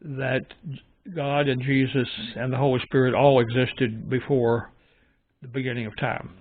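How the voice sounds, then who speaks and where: A man talks through his views in a musing, halting, opinionated way, like a host chatting on his own channel. The audio is thin and phone-like. It is dry, with no room echo. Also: medium pitch, little pitch movement. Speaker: channel host reviewing Bible translations. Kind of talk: casual spoken commentary.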